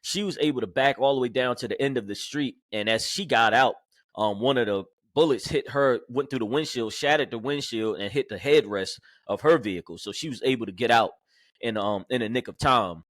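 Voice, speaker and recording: A male police corporal recounts his own story as a podcast guest. He speaks at a middling pitch and goes haltingly, stacking fillers and restarts. The sound is dry and close, with no room echo. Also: fairly bright tone. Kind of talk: personal storytelling in an interview.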